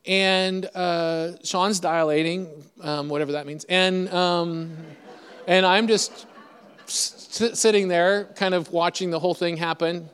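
A man's voice: high-pitched, fairly even intonation, a little slow, a bit bright, clear, resonant tone. A middle-aged man preaching in a chatty, self-deprecating, humorous storytelling style. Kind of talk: storytelling sermon. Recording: echoey hall reverb.

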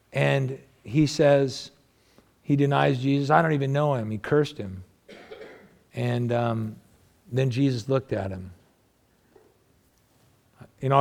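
Talking with his congregation conversationally, a male pastor preaches with plenty of rhetorical questions and a voice marked by vocal fry. His sermon alternates between raised, emphatic stretches and hushed, low asides.

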